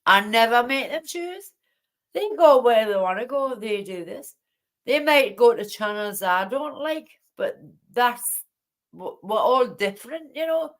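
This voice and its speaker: With a fairly high pitch, lively intonation and a measured pace, a woman runs a late-night livestream from home. She chats with viewers, greets them by name, and rambles in an indignant way.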